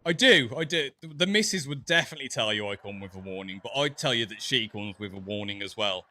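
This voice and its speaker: Bright-voiced chatty English man, Black Country accent. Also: on the low side, expressive, fast. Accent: Black Country English, softened. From English West Midlands. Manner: chatty, laughs often, stumbles over words. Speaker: streamer. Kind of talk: casual chat while gaming.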